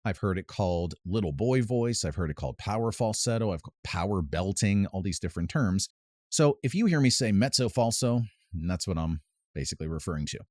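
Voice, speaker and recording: Male vocal coach, very low voice, dry close sound, casual pedantic explainer. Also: animated, brisk, a little mellow, no echo. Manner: pedantic, explains with sung demonstrations. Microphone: close mic with added reverb at times.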